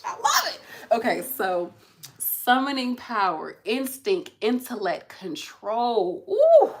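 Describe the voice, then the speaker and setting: A woman hosting a casual pick-a-card tarot reading, talking in a chatty, effusive, slangy way to her viewers. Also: mid-range voice.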